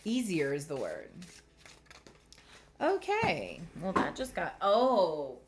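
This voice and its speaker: A woman's voice: on the low side, wildly swooping pitch, slow, a little hiss or hum. A woman giving a casual spiritual tarot reading, chatty and earnest, getting emotional as she talks. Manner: chatty, earnest, trailing off into filler words. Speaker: tarot reader.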